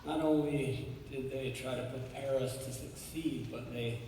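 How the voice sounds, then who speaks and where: A man's voice: medium pitch, steady tone, dark tone, distant mic, slight background noise. Arkansas-accented man in an echoey hall. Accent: Arkansas Southern. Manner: unhurried and chuckling, with pauses and fillers. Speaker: award recipient giving an acceptance speech. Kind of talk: warm acceptance speech with anecdotes.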